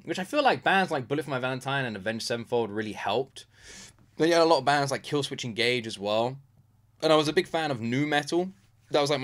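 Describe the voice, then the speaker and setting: Excitable British guy, bright voice. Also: fairly low pitch. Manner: openly emotional, excitable, lots of fillers. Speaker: music reaction host. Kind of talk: casual chat.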